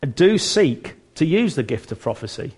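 A man's voice: a little high, very animated, normal speed, a little mellow, slightly rough. Earnest, chatty man teaching church. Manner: chatty and earnest, with frequent restarts and self-mocking humour. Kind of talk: informal church teaching talk.

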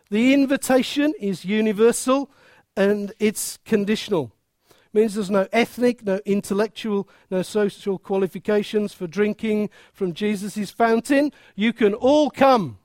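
Slow, emphatic preacher. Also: mid-range voice, dry recording, clean studio sound. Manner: lively, emphatic, full of rhetorical questions and humour. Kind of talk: sermon.

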